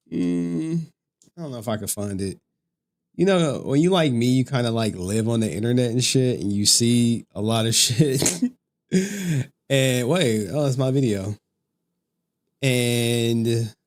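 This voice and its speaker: A man's voice: mid-range voice, darkish tone. A man ranting on a livestream in crude slang, laughing often. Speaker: streamer commentator. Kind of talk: casual livestream rant.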